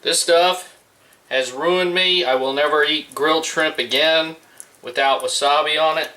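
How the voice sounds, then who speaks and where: Middle-aged man, bright voice, chatty backyard cooking vlog, roomy sound from a distance. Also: on the high side, steady tone, measured pace. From US Gulf Coast. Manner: laid-back, chatty, talks to viewers while cooking. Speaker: home cook vlogger. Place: outdoors at a backyard grill. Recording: roomy sound from a distance, faint background noise.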